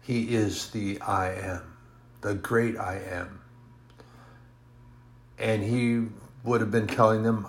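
Gravelly earnest male preacher. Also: fairly low pitch, steady tone, slow pace. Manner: earnest, emphatic, rising and falling in volume. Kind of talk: sermon.

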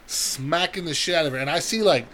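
A man's voice: a little high, a little fast, noisy background. A young man telling a long, profane story on a podcast in casual chat, acting out the people he quotes. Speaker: podcast co-host.

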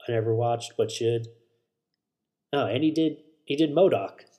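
A man's voice: mid-range voice, unhurried, mellow. A man hosting a solo podcast, rambling casually about shows and movies, swearing and correcting himself as he goes. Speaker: podcast host.

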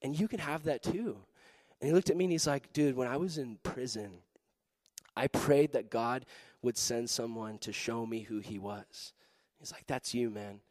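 A young man preaching to a youth group, telling a story with lively acted-out voices and frequent laughter. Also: mid-range voice, no room sound. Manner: animated, acts out voices in his story, laughs often. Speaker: pastor.

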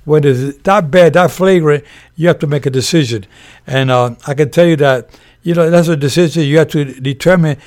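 An older man, a former boxer and referee, telling animated stories with laughter in an interview. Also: on the high side, a little fast. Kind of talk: storytelling in a podcast interview.

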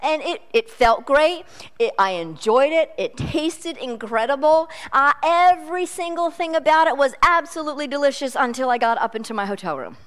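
A middle-aged woman delivers a sermon in a casual, joking manner, sharing self-deprecating stories as she makes her points. Her voice sits a little higher than most. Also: animated, normal speed, a bit bright. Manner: chatty, self-deprecating storytelling preacher. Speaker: preacher.

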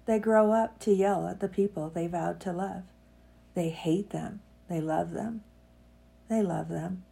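A woman podcast host with a croaky voice from a cold, chatting casually and then reading a heartfelt piece aloud with emphatic feeling. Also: lowish voice, dark tone. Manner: chatty and self-mocking, reads with emphatic feeling.

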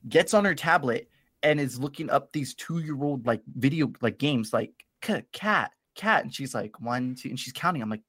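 A man's voice: mid-range voice, moderate pace, fairly bright tone, husky, dry recording, studio quality. A young man co-hosting a podcast, telling a story in casual chat and acting out both sides of the dialogue. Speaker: podcast co-host.

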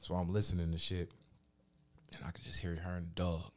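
A man telling a story in casual podcast chat, profane and animated, acting out the people he quotes. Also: low-pitched, a little fast, background noise.

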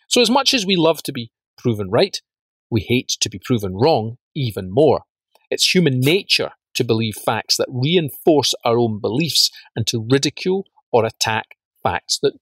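A man's voice: mid-range voice, fairly bright tone, breathy edge, no room sound. Emphatic man teaching with dry close sound. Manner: emphatic, rhetorical questions, repeats words. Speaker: business course teacher. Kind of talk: spoken lesson on facts and truth.

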